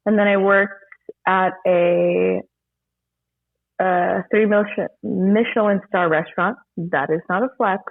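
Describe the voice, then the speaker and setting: A woman guest chatting casually about her bartending work, animated, laughing often and swearing freely. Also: mid-range voice, slow pace, creaky. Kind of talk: casual chat. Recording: tinny phone-like line.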